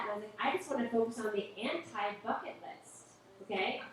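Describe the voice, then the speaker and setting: A woman in her late thirties performs stand-up on a club stage, her slightly high voice chatty and self-deprecating. The stage mic catches her from a distance, and a big echo fills the room. There is a faint hum of room noise behind her. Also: fast. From Boston area. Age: late 30s. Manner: chatty, self-deprecating, with lots of fillers and asides. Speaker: stand-up comedian. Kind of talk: live stand-up set. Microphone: stage microphone. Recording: roomy live-stream audio from afar.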